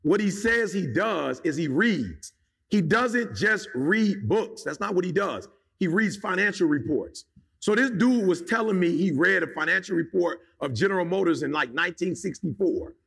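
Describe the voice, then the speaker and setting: Man, motivational speaker, raspy breathy tone, high for a man, emphatic, slangy, rhetorical questions. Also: lively intonation, moderate pace, a bit bright. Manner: emphatic, fires rhetorical questions, casual slangy street talk. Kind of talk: motivational talk to an audience.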